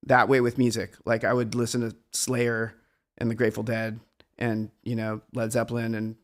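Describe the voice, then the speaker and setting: A man's voice: medium pitch, monotone, normal speed. A middle-aged man, a guest musician, talking in a meandering, reflective and self-deprecating way in a casual conversation.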